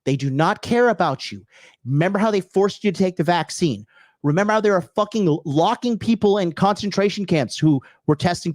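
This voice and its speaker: A man's voice: on the high side, a little mellow, no echo, studio quality. A man hosting a show, delivering heated, profane political commentary in an emphatic rant. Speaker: host.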